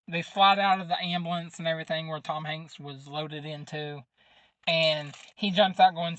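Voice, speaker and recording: Man, podcast host, slow unhurried delivery, dry close sound, rambling casual recap, lots of ums and uhs. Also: on the high side, bright, forceful tone, no echo. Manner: rambling plot recap with many fillers; informal grammar. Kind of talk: casual movie review.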